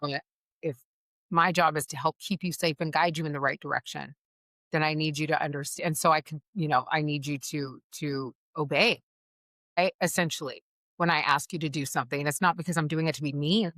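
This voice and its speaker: A woman's voice: deep voice, brisk, no echo, clean studio sound. Earnest woman telling a parenting story. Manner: earnest, animated, peppered with "like" and "you know". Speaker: podcast host. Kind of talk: candid conversational storytelling.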